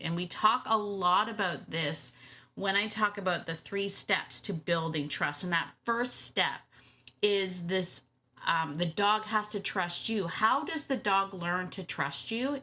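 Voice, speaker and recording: A woman's voice: mid-range voice, pushed and bright. A woman hosting a podcast in a casual monologue, chatty, repeating her phrases and laughing often. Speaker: podcast host.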